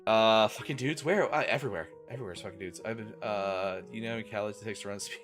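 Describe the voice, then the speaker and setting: Lowish-voiced streamer dude on a headset, swearing casually, thanking chat. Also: male voice, fairly quick, a bit bright, faint music behind. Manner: loose and profane, thanks viewers, talks with a guest on a call. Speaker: streamer host.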